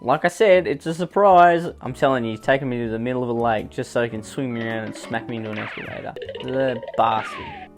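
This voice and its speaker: Young aussie guy doing sarcastic commentary, dry jokes, mid-pitch voice, bit of music behind. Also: wildly swooping pitch, quick pace. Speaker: YouTube commentator. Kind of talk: comedic reading commentary.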